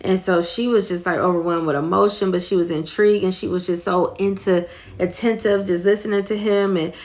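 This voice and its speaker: Middle-aged woman host, lowish voice, earnest and rambling, retelling a story in casual faith talk. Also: steady tone, a little fast, darkish tone. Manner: rambling, earnest, many fillers.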